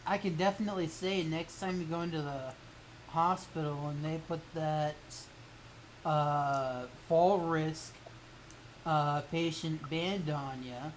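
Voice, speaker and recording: Woman talking slow and low, halting, kinda feeling for words, bit of noise behind. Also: steady tone. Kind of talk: casual chat.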